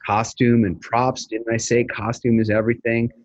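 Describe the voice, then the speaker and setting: A man coaching someone through a pitch in a live webinar, brisk and demonstrative in a salesy way. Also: level tone, no echo, dull audio.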